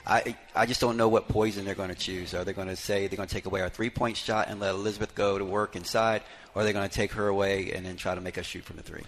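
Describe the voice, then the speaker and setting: A man coaching basketball talks through a live radio interview from a bar full of fans. His voice sits low and he rambles warmly in a folksy storytelling way, leaning on "you know" fillers. A soft hiss runs under the recording. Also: flat delivery, fast, hardly any pauses.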